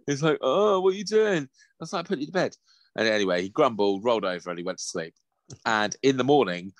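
A man's voice: fairly low pitch, no echo. A man co-hosting a casual chat, telling stories in a crude, joking way. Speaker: podcast co-host.

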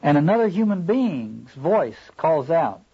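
A man lecturing on a novel in a thoughtful, halting way, often stopping to read passages aloud, on a dull lo-fi recording. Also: a little high, big pitch swings, husky. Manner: thoughtful, halting, rereads quoted lines aloud. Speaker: literature lecturer.

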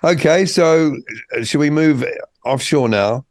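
A man's voice: a little high, unhurried, a little mellow. A man hosting a political panel, making wry remarks and steering the talk. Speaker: show host. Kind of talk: casual panel discussion.

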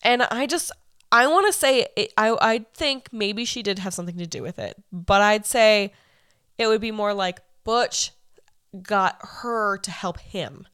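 A woman's voice: mid-range voice, expressive, unhurried, a bit bright, clear, resonant tone, no room sound, clean studio sound. A young woman co-hosting a true-crime podcast, casual and laughing easily. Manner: laughing, restarts sentences. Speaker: podcast co-host.

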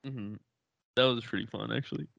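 A man's voice: medium pitch, brisk, creaky, fairly bright tone, no room sound, highs cut off. A young man co-hosting a podcast, rambling through profane family stories and laughing as he talks. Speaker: podcast co-host. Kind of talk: casual chat.

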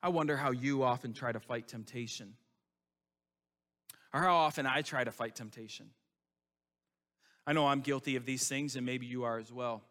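A man's voice: mid-range voice, normal speed, pauses often, a bit bright, big-room sound. A male pastor preaching a sermon in an emphatic, conversational way, full of rhetorical questions.

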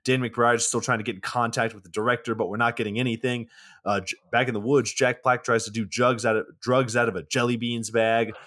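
20s dude recapping a movie plot on a podcast, easygoing, average pitch, lots of uhs. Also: male voice, level tone, brisk, fairly bright tone. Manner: recaps plot, casual and profane, many fillers. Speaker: podcast co-host. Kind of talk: casual chat, plot recap.

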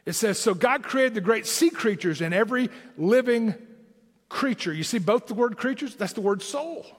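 A high-voiced pastor with a Southern Tennessee accent, preaching in an animated, swooping way. His sermon rings with a long hall reverb. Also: moderate pace, breathy edge. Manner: animated preaching with emphatic rising lines.

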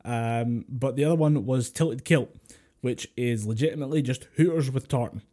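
A man's voice: mid-range voice, normal speed, mellow. A Scottish man co-hosting a podcast, telling jokey stories with swearing and fillers over a voice chat call. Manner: swearing, joking storyteller with many fillers. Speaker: podcast co-host. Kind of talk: casual chat. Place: home, remote voice call. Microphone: computer mic over a voice chat call.

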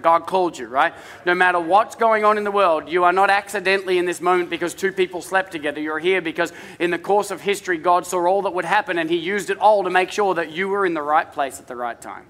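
High, bright-voiced male pastor preaching. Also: long reverb tail. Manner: conversational preaching with humorous family anecdotes. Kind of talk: sermon.

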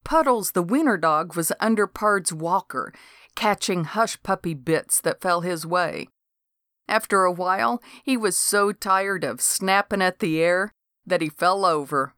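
A woman narrating a novel in a steady, measured storytelling manner. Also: on the low side, no echo, studio quality. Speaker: audiobook narrator. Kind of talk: novel reading.

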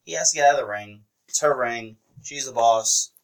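A man's voice: mid-range voice, moderate pace. A man co-hosting a casual wrestling podcast, animatedly retelling what happened on the show. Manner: animated retelling with laughter and quoted voices. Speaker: podcast co-host.

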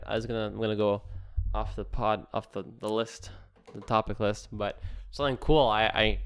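A young man co-hosting a casual podcast, rambling and halting with many restarts. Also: on the low side, clean tone. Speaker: podcast co-host.

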